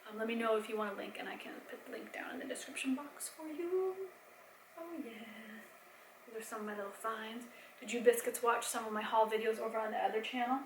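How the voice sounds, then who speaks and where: A young adult woman chatting casually in a home vlog, rambling with fillers and soft laughs, a bit tired. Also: fairly high pitch, brisk, echoey room, slight background noise, poor audio. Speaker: vlogger and mom. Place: home, indoors.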